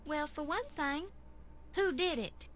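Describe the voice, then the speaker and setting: Confident young lady detective in an old adventure game, high voice. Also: slow pace, slight background noise. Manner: bright and confident. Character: plucky young woman amateur sleuth. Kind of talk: 1990s adventure game voice acting.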